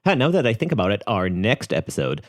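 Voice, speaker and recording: A man's voice: on the low side, wildly swooping pitch, fast talker, dry recording, studio quality. A man with an Israeli accent co-hosting a podcast, speaking thoughtfully with frequent restarts. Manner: thoughtful, hesitant with many restarts. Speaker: podcast co-host. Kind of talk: casual podcast chat.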